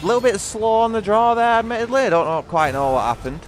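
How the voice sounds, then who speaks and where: A man with a British accent giving excitable live gameplay commentary, swearing often and talking straight to his viewers. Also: sits high, fast, soft background music. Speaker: gaming streamer.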